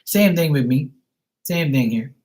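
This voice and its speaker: A man's voice: on the high side, expressive, a little slow, a little mellow, poor audio. A man from Bermuda ranting on a live stream, swearing often, exasperated and restarting his sentences. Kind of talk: casual live-stream rant.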